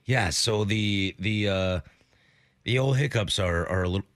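A man's voice: fairly low pitch, unhurried, no echo. A man co-hosting a casual sports radio show, chatty and telling stories while he has the hiccups. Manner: chatty, animated storyteller. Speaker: podcast co-host.

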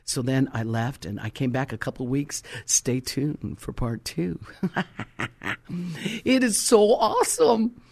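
A middle-aged woman preacher telling a story in a sermon, stressing key words slowly. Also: a bass voice, a little mellow.

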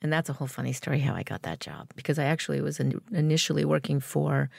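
A woman's voice: deep voice, quick pace, gravelly, no room sound, clean studio sound. A middle-aged woman from the United States, telling a long story in an interview and acting out the people in it. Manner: animated storyteller, acts out quoted voices. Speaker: guest.

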